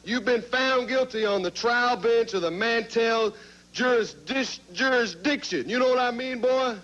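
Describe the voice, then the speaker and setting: A man's voice: very high-pitched, unhurried, fairly bright tone. A man cutting a wrestling promo, taunting and sarcastic, full of bluster. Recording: muffled old TV audio.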